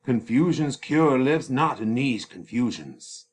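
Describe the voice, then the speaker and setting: A man reading aloud the part of a calm priest consoling a grieving family, measured and grave. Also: medium pitch, breathy edge, voice pushed up, exaggerated voice.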